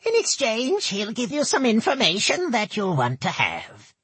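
Audiobook part: sly goblin woman, thick and nasal, pitched well up, husky edge, voiced by a man. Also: huge pitch swings, normal speed, a bit bright, dry recording, full character voice. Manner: sly, insinuating. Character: hunched scheming female goblin envoy. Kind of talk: audiobook narration.

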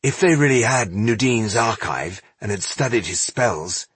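Husky male audiobook narrator. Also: fairly low pitch, animated, measured pace, a bit bright, no echo. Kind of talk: scripted fantasy narration.

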